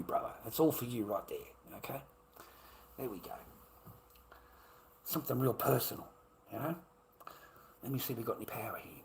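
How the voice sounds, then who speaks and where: A man's voice: lowish voice, normal speed, gravelly, pauses often, slight background noise. A middle-aged man with an Australian accent, talking bluntly on his own livestream, swearing often, repeating himself and calling the viewer mate. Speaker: live streamer. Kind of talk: rambling casual livestream talk.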